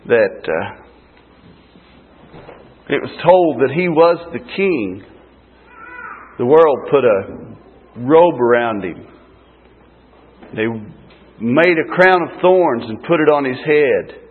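Male street preacher, slightly high husky voice, slow deliberate delivery, tinny phone-like recording. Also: expressive. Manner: slow, emphatic preaching with dramatic pauses. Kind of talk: sermon.

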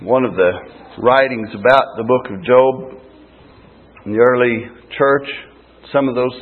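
A man preaching a sermon, slow and emphatic with dramatic pauses. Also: mid-range voice. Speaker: street preacher. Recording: tinny phone-like lo-fi sound.

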